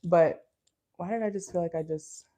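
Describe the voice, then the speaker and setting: Woman, Minnesotan accent, lowish mellow voice, chatty and blunt tarot reader, talking from a car. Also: moderate pace. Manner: chatty, blunt and laughing, with lots of fillers. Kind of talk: casual tarot reading for viewers. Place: parked car.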